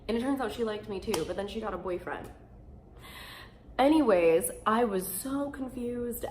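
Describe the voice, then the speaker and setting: A young adult woman vlogging in casual chat to camera, candid and animated, swearing freely and laughing often. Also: mid-range voice, slight background noise. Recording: roomy echo.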